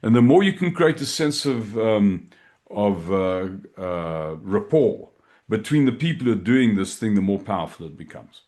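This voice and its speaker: A very deep male voice leads a meditation, unhurried and soft-spoken. He is a middle-aged man, calm as he guides the listener. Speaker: shaikh leading guided meditation. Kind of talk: guided meditation and dhikr instruction.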